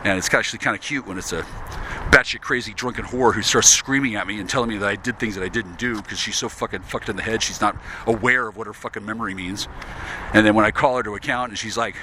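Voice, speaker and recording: American dude ranting outside, cussing and tripping over his words, really bright sharp voice, little bit of traffic noise. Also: lowish voice, rough recording. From United States. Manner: agitated, swearing, stammering restarts. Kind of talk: profane rambling rant.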